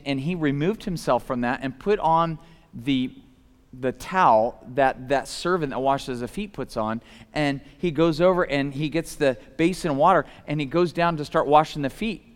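A man preaching a casual, animated sermon, swinging from loud emphatic shouts to soft low asides, with lots of conversational fillers. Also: smooth. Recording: long hall reverb.

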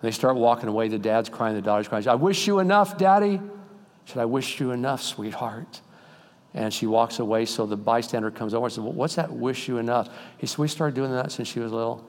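An older male pastor delivers a sermon in a church sanctuary, his medium-pitched voice rising to loud, emphatic peaks and then dropping to quiet, intimate asides. The sound carries a long reverb from the large hall. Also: steady tone, fast, hardly any pauses.

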